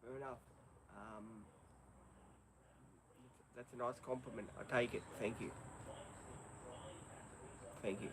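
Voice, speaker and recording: A man's voice: mid-range voice, steady tone, takes it slowly, pauses often, background noise. An Australian man hosting a live stream, chatting in an easygoing, rambling way with many ums. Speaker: livestream host. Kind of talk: casual live stream chat.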